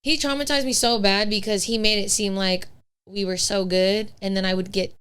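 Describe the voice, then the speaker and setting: A woman's voice: medium pitch, steady tone, normal speed, fairly bright tone, clear, resonant tone. A young woman, a podcast guest, chatting casually and telling her dating stories in a blunt, candid way with some swearing. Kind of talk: casual chat.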